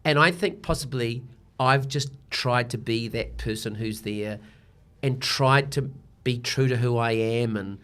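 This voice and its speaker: A man's voice: medium pitch, unhurried. An older man with a New Zealand accent, a broadcaster talking casually in an interview and often acting out quoted voices. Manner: animated storyteller, slips into quoted voices. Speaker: broadcaster guest.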